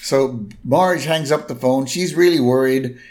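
A man's voice: mid-range voice, measured pace, a little mellow. A man co-hosting a podcast, recapping a cartoon episode in a wry, casual way. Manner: wry, addresses listeners as kids. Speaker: podcast co-host.

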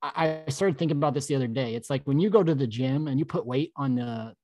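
Man, podcast co-host, casual reflective talk, dry close sound, mid pitch. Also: fast talker, darkish tone, dry recording, dull audio. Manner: laid-back, reflective, lots of "like" and "man". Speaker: podcast co-host and mindset coach.

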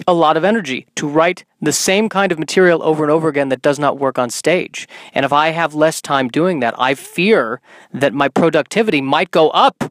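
A young man hosting his own podcast from inside a car, talking in a deadpan, self-mocking comedic monologue. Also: a little high, no echo, poor audio. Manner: deadpan, self-mocking, slips into silly put-on voices. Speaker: podcast host.

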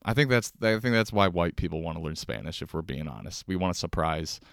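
A young man with a Chicago accent hosts his podcast alone from his couch. His low voice is smooth and resonant, and the sound is close and dry with no room echo. He rambles and swears freely, poking fun at himself. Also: animated, fast talker, fairly bright tone. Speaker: podcast host. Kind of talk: casual solo podcast rambling. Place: home, on a couch.

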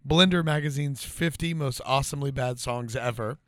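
A man's voice: mid-range voice, brisk, fairly bright tone, dry recording, studio quality. A man co-hosting a podcast in casual chat, laid-back and loose, saying "dude" often. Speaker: podcast co-host.

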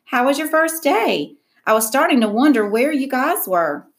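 A woman's voice: high-pitched, big pitch swings, moderate pace, voice pushed up. A woman reading a caring, tired mother. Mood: cheerful. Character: caring but weary mother. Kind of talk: audiobook dialogue reading.

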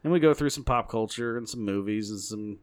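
A man's voice: lowish voice, brisk. A man hosting a podcast, chatting casually in a profane, rambling, jokey way. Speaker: podcast host. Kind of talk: casual chat.

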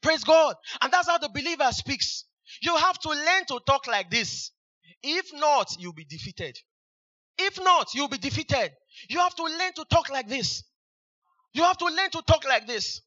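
A man's voice: extremely high pitch, sing-song, normal speed, sharp tone. A man preaching a sermon as pastor, repeating his phrases and dropping in frequent hallelujahs. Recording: dull lo-fi recording.

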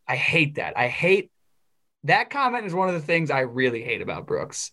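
A young man co-hosting a sports podcast, talking casually and getting heated and animated as he airs his opinions. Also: a little high, moderate pace, creaky. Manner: opinionated, animated when ranting. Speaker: podcast co-host. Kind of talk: casual chat.

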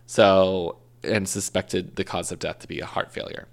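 A man's voice: deep voice, little pitch movement, normal speed, vocal fry. A man co-hosting a casual podcast, telling a true crime story with jokes, swearing and self-corrections. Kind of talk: casual chat.

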